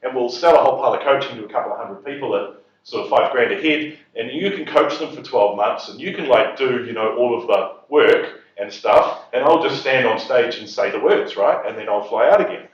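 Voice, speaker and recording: A man's voice: medium pitch, a little fast, lightly acted. A man quoting a smug, brash businessman in a cocky, dismissive tone, in an echoey hall. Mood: breezy. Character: smug, brash male businessman brushing off a partner. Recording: echoey hall, distant mic, dull sound.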